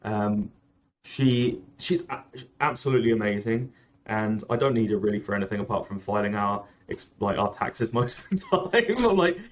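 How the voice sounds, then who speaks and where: A man's voice: on the low side, lively intonation, moderate pace, dull audio. A man talking casually as a founder in an interview, rambling and correcting himself often. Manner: rambling, self-correcting, frequent "like" and "um". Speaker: app founder, guest.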